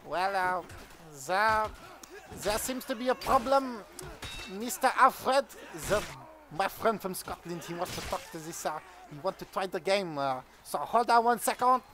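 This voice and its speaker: A man's voice: high-pitched, lively intonation, unhurried. A young man voicing a polite, fussy roommate, hesitating with formal phrasing in a comedic gaming video. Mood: bewildered. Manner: formal, hesitant, many fillers. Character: French man, fussy, polite, easily shocked. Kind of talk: comedic gaming character bit.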